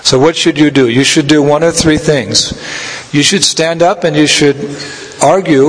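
A man giving a scripture lecture as a spiritual teacher, telling stories in a measured way and laughing now and then. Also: medium pitch, fairly bright tone. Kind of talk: sermon. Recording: long hall reverb.

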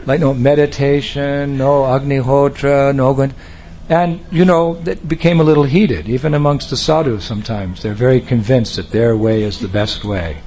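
A monk giving a humorous sermon, telling a story playfully and laughing often. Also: male voice, medium pitch, steady tone, normal speed, darkish tone, a little hiss or hum. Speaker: monk lecturer.

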